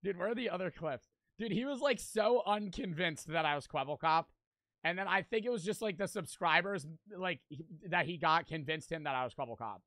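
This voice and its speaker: Bright high-voiced young man rambling. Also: fairly quick, no room sound. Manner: rambling, swears a lot, fills with "like". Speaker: streamer. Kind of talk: casual stream chat.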